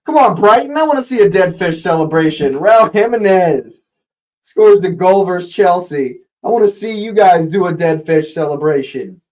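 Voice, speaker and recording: A man hosting a live fan watch-along, calling the match as it happens and shouting at the big moments. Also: high-pitched, animated, normal speed.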